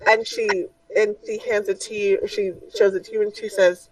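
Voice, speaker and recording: A woman game master narrates a tabletop game in a loose, rambling way, trailing off and restarting. Her voice has a lively, varied pitch and sits dry and a little far from the mic. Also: moderate pace, hardly any pauses, dry recording.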